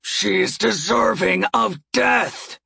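A woman's voice: mid-range voice, animated, slow, bright, forceful tone, no room sound, clean studio sound, full character voice. A woman voicing an angry, hulking male gnoll who growls and taunts with menace. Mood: defiant. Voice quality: growling, gravelly. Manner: menacing, taunting with tag questions. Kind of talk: audiobook character voice.

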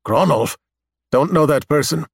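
A man's voice: fairly high pitch, measured pace, creaky, breathy edge, no echo, studio quality, voice pushed up, full character voice. A man voicing a frightened, pleading android. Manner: panicky, pleading, almost weepy.

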